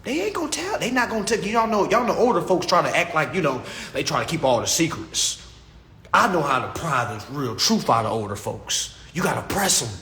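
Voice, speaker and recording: A man delivering a comedic rant to camera in an animated, preachy and mocking way. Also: a little high, normal speed. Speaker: vlogger.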